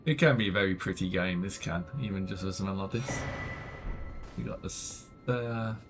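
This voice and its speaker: A British man with a slightly scratchy throat, giving low-key, casual live commentary while playing a game, often muttering to himself. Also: normal speed, over music. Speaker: game streamer.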